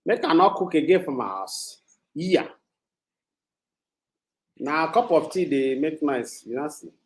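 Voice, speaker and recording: A man with a Nigerian accent, a panelist in a casual podcast discussion, speaking in a measured way and mixing in Pidgin. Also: a little high, lively intonation.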